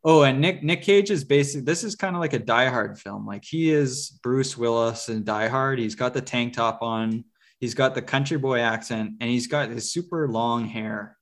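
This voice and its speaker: A man's voice: mid-range voice, moderate pace. Man, podcast co-host, loose chatty movie talk, lots of ums and restarts. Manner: rambling, many fillers and restarts. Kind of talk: casual movie review chat.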